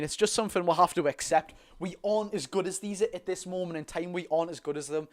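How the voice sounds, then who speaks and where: A young man with a Geordie accent doing a live watch-along of a football match, chatty and excitable, talking to his viewers. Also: fairly high pitch, quick pace. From North East England. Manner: excitable, chatty, talks to the chat and the lads. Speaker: football fan streamer.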